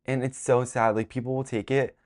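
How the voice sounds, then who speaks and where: A tired young man hosting a casual vlog, chatty and dramatic, swinging between drained sighs and excited squeals. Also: medium pitch, brisk. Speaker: vlog host.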